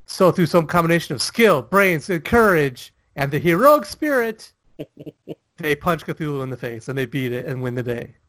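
Man, casual rambling chat, slightly higher voice, lots of fillers. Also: animated, normal speed, a bit bright, dry recording. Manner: rambling, filler-heavy, laughs often. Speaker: podcast co-host.

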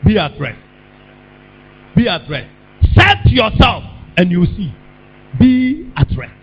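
A man preaching a sermon, calling out questions for the congregation to answer and breaking into sudden shouts. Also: high voice, wildly swooping pitch, slow pace, pauses often, husky. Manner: call-and-response preaching, bursts of shouting. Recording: dull lo-fi with mains hum.

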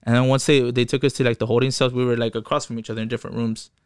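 A man's voice: medium pitch, flat delivery, racing, darkish tone, clean tone, no echo, clean studio sound. A young man telling his own story in casual talk, profane and rambling, acting out what others said. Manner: profane, quotes people in voices, rambling restarts.

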